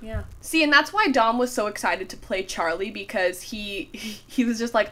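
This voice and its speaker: A Canadian woman co-hosting a podcast, chatting casually about a TV episode and trailing off softly at the ends of her sentences. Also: mid-range voice, normal speed, few pauses. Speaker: podcast co-host.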